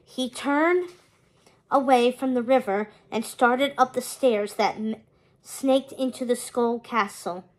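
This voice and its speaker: High-voiced woman reading a storybook slowly. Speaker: read-aloud narrator.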